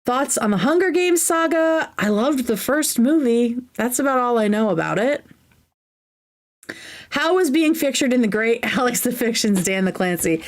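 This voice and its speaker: A woman's voice: fairly high pitch, lively intonation, normal speed. Chatty woman hosting a livestream Q&A. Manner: chatty and enthusiastic, drifting into tangents. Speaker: livestream host. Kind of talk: casual livestream Q&A, reading viewer questions aloud.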